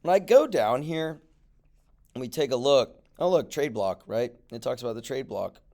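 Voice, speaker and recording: A man's voice: medium pitch, expressive, normal speed, warm tone. A male teacher going over guided notes in a recorded classroom lesson, talking animatedly with mock-surprised asides. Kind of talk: classroom lecture video.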